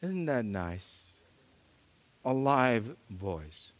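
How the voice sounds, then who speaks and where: A middle-aged male pastor preaching a story-driven sermon, animated and acting out the voices in his anecdotes. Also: medium pitch, very slow, long pauses. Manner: animated, acts out quoted voices, chuckles at himself. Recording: long reverb of a large hall.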